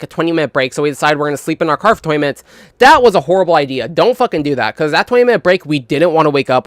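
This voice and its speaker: A man's voice: a little high, a bit bright, smooth, no room sound, clean studio sound. Swearing young man, rambling storyteller. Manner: rambling, heavy swearing, frequent "like" fillers; mimics others in quoted dialogue. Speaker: gaming channel host. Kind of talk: casual storytelling.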